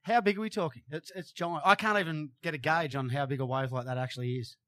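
Male host, somewhat high, bright voice, loose rambling studio questions. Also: fairly even intonation, fast talker. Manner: rambling, filler-heavy questions. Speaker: show host. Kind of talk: casual interview hosting.

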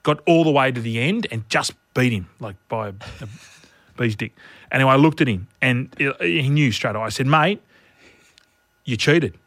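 Man, middle-aged, podcast co-host, animated storyteller, mid pitch, dry studio sound. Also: brisk, no room sound. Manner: animated storyteller, laughs through his lines. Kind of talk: casual chat.

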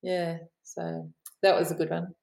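Chatty Australian woman author, low voice. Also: steady tone, moderate pace, darkish tone, echoey room, poor audio. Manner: chatty storyteller, laughs often, mimics the people she quotes. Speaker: author and aviation writer, guest. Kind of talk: podcast interview.

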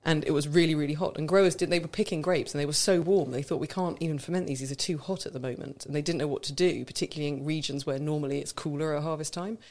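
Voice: mid-range voice, steady tone, fast talker, hardly any pauses, darkish tone. A radio co-host explaining wine in an easy, knowledgeable way, laughing now and then. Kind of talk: casual radio chat. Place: radio studio.

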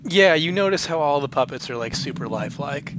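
Bright-voiced young man riffing jokes. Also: on the high side, expressive, fairly quick, a little hiss or hum. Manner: rambling, jokey, spins silly bits. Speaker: podcast co-host. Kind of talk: casual comedic chat.

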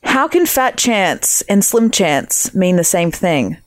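A woman's voice: mid-range voice, very animated, slow pace. Australian woman, young, chatty podcast co-host who laughs and swears a lot. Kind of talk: casual chat.

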